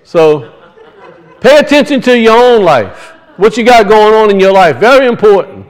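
A man's voice: high-pitched, sing-song, normal speed, poor audio. A man preaching a sermon, telling folksy stories and reading scripture with rising emphasis. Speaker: pastor.

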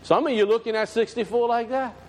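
A man's voice: extremely high pitch, fairly even intonation, brisk. A man, a pastor telling a story in a folksy, emphatic sermon to his congregation. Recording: long hall reverb, faint background noise.

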